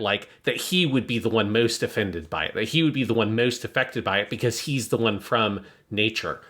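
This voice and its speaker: A man's voice: medium pitch, pushed and bright. A man co-hosting a podcast, picking apart a story in casual, analytical chat and swearing now and then. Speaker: podcast co-host.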